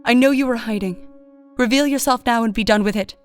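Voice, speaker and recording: A woman's voice: fairly high pitch, brisk, clean tone, faint music behind, voice pushed up, lightly acted. Woman voicing a stern, commanding witch. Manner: commanding, curt. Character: proud, guarded woodland witch woman. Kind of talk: audiobook narration.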